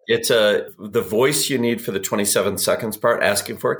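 Speaking fairly quickly in a fairly low voice, the sales expert trades stories in a podcast conversation. He brings quoted exchanges to life with lively impressions.

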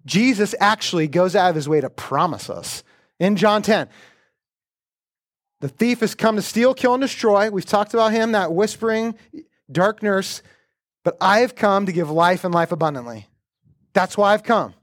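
A man's voice: high-pitched, normal speed, no echo, studio quality. A middle-aged male pastor preaching and praying in an earnest, conversational way. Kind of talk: sermon with prayer.

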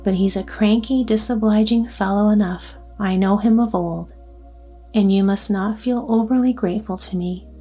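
Calm polite stranger guy, read by a woman, measured and mellow, soft music behind. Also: mid-range voice, breathy edge, natural voice. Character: calm, courteous mysterious male stranger.

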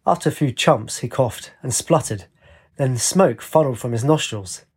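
A man reads a story aloud at an even, steady pace. His voice sits in a middle register with a husky grain to it. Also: mid-range voice, normal speed. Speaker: narrator. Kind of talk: storybook narration.

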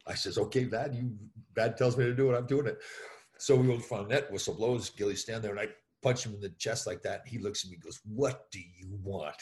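A man's voice: on the low side, fairly even intonation, fast, darkish tone. A middle-aged man, a former pro hockey player, telling anecdotes as an interview guest, with plenty of fillers. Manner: anecdotal, many fillers, acts out voices in quotes. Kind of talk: storytelling in an interview.

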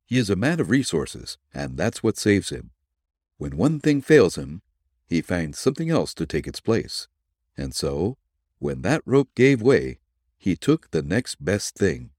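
A man narrating an old detective serial for a podcast, in measured storytelling with lively inflection. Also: deep voice, no room sound, clean studio sound. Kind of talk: dramatic audiobook narration.

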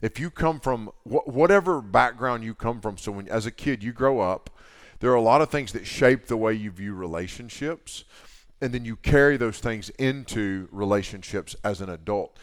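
A man speaking as a camp speaker to girls, giving an animated, folksy talk with slangy asides. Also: on the low side, normal speed. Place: camp meeting hall.

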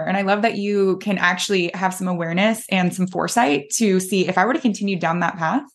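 A woman coach hosting a podcast interview, warmly affirming and enthusiastic toward her guest. Her voice sits on the lower side for a woman. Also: fast. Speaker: host, mental performance coach.

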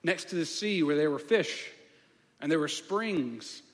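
A man delivers a sermon as a pastor, his voice sitting high for a man. He keeps turning to the listeners with questions and slips into the voices of the people he describes. A long reverb trails each phrase, as in a large hall. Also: lively intonation, unhurried. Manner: preaching with rhetorical questions and acted-out voices.

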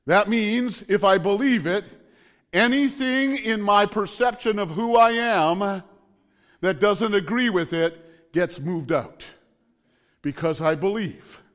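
A man's voice: sits high, slow, fairly bright tone, big-room sound. A middle-aged man preaching a sermon, building fervent repeated declarations.

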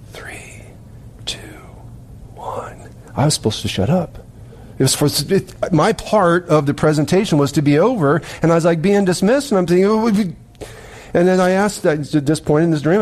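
A man's voice: fairly high pitch, a little mellow. A middle-aged man preaching as a pastor, telling a dream in a rambling, emphatic way with many restarts. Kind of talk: sermon with dream story.

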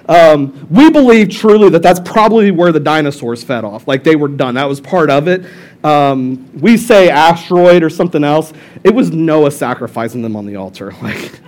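An animated young male pastor with a notably high-pitched voice delivers a casual, joking sermon. He tells the story in lively bursts and wanders into quick side remarks. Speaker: lead pastor.

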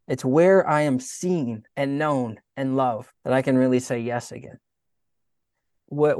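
A man talks through a spiritual reflection in an earnest, conversational way, at a middle pitch. The recording is dry and close, with no room echo. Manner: earnest, conversational, with soft laughs. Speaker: speaker giving faith reflections.

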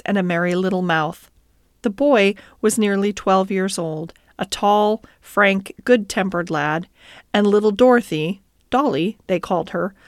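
A woman reading a classic novel aloud as scripted narration, in a gentle, even storytelling manner with lightly voiced dialogue. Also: mid-range voice, no echo, studio quality. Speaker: audiobook reader.

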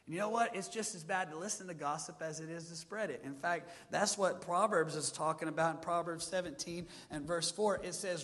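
A man preaching a sermon as a pastor, lively and speaking straight to the congregation, getting them to join in. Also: on the high side, a little fast, few pauses, long reverb tail.

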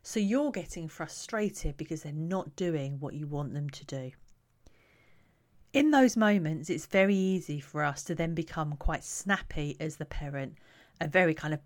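A woman who coaches parents, talking to camera in a calm, reflective, conversational way. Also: deep voice, moderate pace.

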